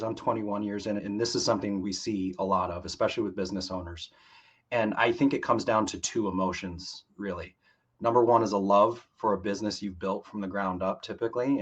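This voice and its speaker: A man's voice: on the low side, husky. A man, a financial planner, explaining things steadily as a podcast guest. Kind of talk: podcast interview.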